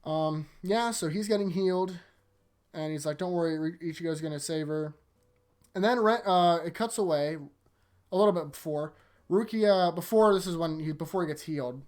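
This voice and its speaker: A host casually recapping anime episodes, chatty and laughing often, acting out quick character lines while retelling scenes. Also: mid-range voice, darkish tone. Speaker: anime rewatch reviewer.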